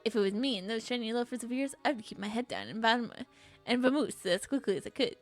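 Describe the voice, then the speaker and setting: A woman voicing a streetwise male black market dealer from a puzzle game, speaking low and conspiratorially. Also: expressive, fast, faint music behind, lightly acted. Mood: warning.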